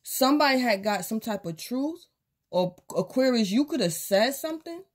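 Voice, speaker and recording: A woman's voice: fairly high pitch, animated, normal speed. A woman casually giving a tarot reading, speaking straight to the viewer and acting out quotes from imagined people. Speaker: tarot reader.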